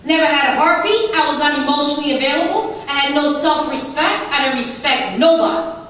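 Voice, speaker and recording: High-voiced woman testifying in an echoey hall. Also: animated, a little fast, a bit bright, distant mic. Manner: emphatic, repetitive, rhythmic lists. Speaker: recovery meeting speaker. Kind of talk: personal testimony talk. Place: large conference hall.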